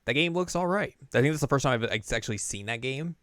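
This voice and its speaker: A man's voice: mid-range voice, expressive, quick pace, fairly bright tone, dry recording. A man co-hosting a podcast in casual chat, laid-back and chatty, with dry asides and chuckles. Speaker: podcast co-host.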